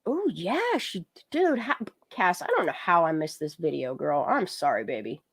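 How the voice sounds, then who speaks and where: A woman's voice: fairly low pitch, sing-song, moderate pace, husky. A woman hosting a casual livestream, talking loosely and swearing freely. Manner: loose, profane, chatty. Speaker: livestream host. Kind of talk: casual live-stream chat.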